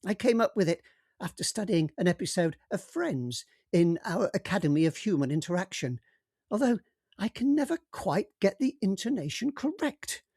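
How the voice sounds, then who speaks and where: A man's voice: high-pitched, big pitch swings, normal speed, darkish tone, dry recording, studio quality, pitched above the performer's own voice, exaggerated voice. A man playing a chirpy, chattering alien abductor. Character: cheerful alien male abductor, chatty and pedantic.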